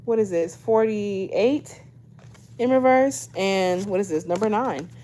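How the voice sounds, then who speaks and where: A woman's voice: mid-range voice, slow, warm tone. A woman in her twenties doing a casual tarot reading to camera, chatty and loose, tacking a questioning "okay?" onto almost every thought as she mixes read-aloud guidebook passages with slangy asides. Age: 20s. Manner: chatty, checks in with "okay?" constantly. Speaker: tarot reader.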